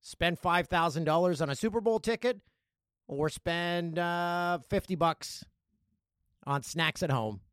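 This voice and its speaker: A man hosting his own podcast, chatting casually and riffing on news stories and listener emails with a joking, animated manner. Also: on the high side, unhurried, clear, resonant tone, no room sound, studio quality. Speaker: podcast host. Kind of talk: casual solo podcast chat.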